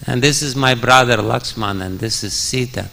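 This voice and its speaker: A man voicing a calm divine prince who introduces himself, his voice dropped slightly. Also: medium pitch, normal speed, vocal fry, big-room sound, pitched below the performer's own voice.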